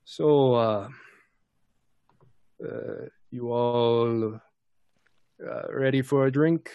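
A man's voice: medium pitch, very slow, clean tone, no room sound, dull audio. A man voicing a big, good-natured bald male innkeeper in a tabletop game, with a hesitant drawl. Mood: genial.

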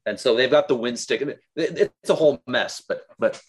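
A man's voice: medium pitch, a little fast, slightly rough. A man playing in a tabletop game, chatting casually and rambling with many fillers. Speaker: player. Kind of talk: casual chat.

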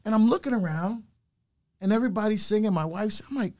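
High-voiced and quick, a middle-aged deacon shares his life story as a guest speaker. He tells it in a lively way, giving each quoted person their own voice.

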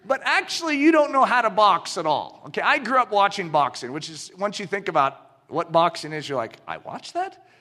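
A man preaching a sermon, animated and storytelling, acting out quick dialogue in his illustrations. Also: high-pitched.

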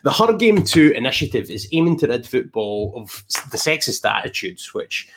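Lively Scottish man hosting a podcast. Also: medium pitch, moderate pace. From Scotland. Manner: animated and chatty. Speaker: podcast host. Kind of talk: casual podcast interview.

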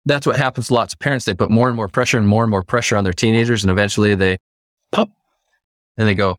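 A man's voice: fairly low pitch, fairly even intonation, fast talker, dry recording, clean studio sound. A man who is a life coach, speaking as a podcast guest and explaining ideas with acted-out examples. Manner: explanatory, acts out quoted dialogue. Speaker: football coach. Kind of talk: podcast interview.

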